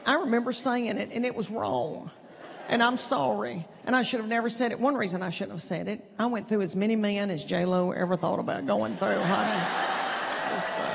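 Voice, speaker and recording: Woman doing folksy stand-up, live hall. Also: on the high side. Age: middle-aged. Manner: folksy, self-deprecating, drawn-out punchlines. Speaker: stand-up comedian. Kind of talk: stand-up comedy storytelling. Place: theater stage. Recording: live theater with long reverb, audience laughter and noise.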